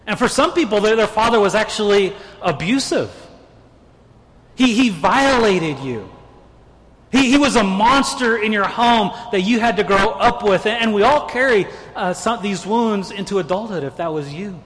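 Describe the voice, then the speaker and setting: A man's voice: high voice, expressive, moderate pace, a bit bright, long reverb tail. A man preaching a sermon as a pastor, earnest and stumbling into repeated words as he presses his points.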